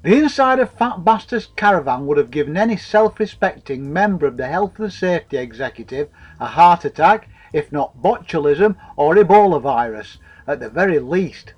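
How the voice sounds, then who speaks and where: A man's voice: a little high, lively intonation, moderate pace, hardly any pauses, a little mellow, soft background music, low-quality recording. Man narrating a wry crude comic story. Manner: wry, profane.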